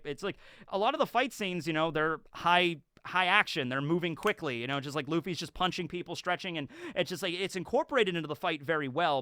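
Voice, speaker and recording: Bright, crisp-voiced man rambling casually. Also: a little high, no echo, studio quality. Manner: rambling, chatty, filler-heavy. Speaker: YouTube show reviewer. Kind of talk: casual episode breakdown.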